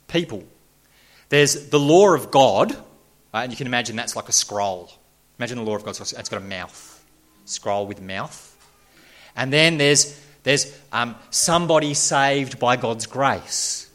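A man preaching a sermon, building to loud emphatic peaks and dropping back soft. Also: medium pitch.

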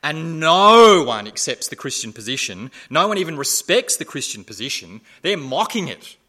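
A man preaching a sermon, asking repeated rhetorical questions and swinging between loud emphasis and hushed asides. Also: on the high side, big pitch swings, normal speed.

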